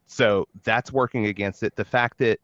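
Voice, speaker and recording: A man's voice: fairly low pitch, fairly even intonation, moderate pace, a bit bright, no room sound, lo-fi sound. A man co-hosting a casual podcast, emphatic and opinionated, often stumbling and restarting his sentences. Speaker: podcast co-host.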